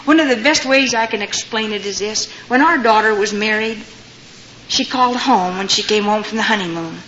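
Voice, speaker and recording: Speaking at normal speed in a medium-pitched, slightly bright voice, an older woman recounts her testimony for an audience. She tells stories and voices the people in them herself. The recording is dull and lo-fi, with a faint noise.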